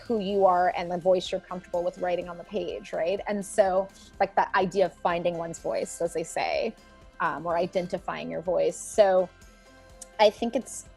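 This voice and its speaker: A woman's voice: fairly low pitch, fairly even intonation, normal speed, creaky, darkish tone, husky, faint music behind. A woman guest in an interview, a writer and book editor, speaking in a reflective, conversational way with frequent "like" and "you know".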